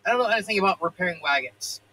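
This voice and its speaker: A man's voice: high voice, expressive, very fast, slight background noise, poor audio. A man reading a shy, hesitant young unicorn filly in a storybook fan fiction reading. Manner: hesitant and soft-spoken.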